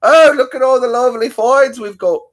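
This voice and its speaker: A man's voice: very high-pitched, normal speed, a bit bright, voice pushed up. Man doing a chipper British video host. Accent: British put-on. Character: cheeky British man hosting a fishing video.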